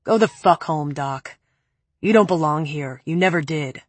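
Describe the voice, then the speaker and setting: A woman voicing a cold, cruel young man who speaks calmly and cuttingly in a low, flat tone. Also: measured pace, husky, no room sound. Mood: cold, menacing.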